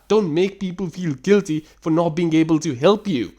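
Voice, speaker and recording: A man ranting through a reaction commentary with exasperated sarcasm and frequent swearing. His fairly high voice leaps up and down in lively swings as he questions and scolds. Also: moderate pace, few pauses. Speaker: host reacting to text screenshots.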